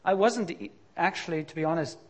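A middle-aged pastor preaches a little fast, with a voice pitched somewhat above most men's. His sermon has a frank, confessional tone, moving between relaxed conversation and sudden emphatic bursts.

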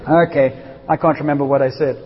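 South african-raised guy giving a sermon, kinda high voice, jokey, long hall echo, muffled. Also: steady tone, fairly quick. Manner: informal and joking, talks to the audience. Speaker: preacher. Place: church hall. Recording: dull reverberant hall.

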